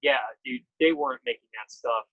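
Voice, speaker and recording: A man in casual conversation, eager and rambling as he throws out his own theories, with a middle pitch and the odd curse. The sound is dry and close. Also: brisk, no room sound, lo-fi sound. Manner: excited, rambling, drops casual swearing. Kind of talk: casual group chat.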